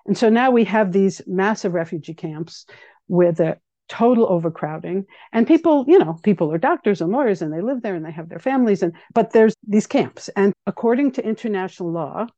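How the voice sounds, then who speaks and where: A woman giving an earnest, measured personal account in a radio interview, often thinking aloud with fillers. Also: medium pitch, expressive, mellow, no echo, muffled recording. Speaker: guest speaking about her activism.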